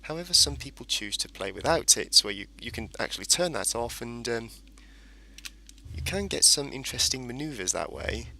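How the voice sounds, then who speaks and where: A man's voice: medium pitch, lively intonation, normal speed, vocal fry, bright, forceful tone, slight background noise. A man casually commentating a space game as he plays, rambling and explaining each step. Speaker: gameplay commentator. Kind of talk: casual let's-play commentary.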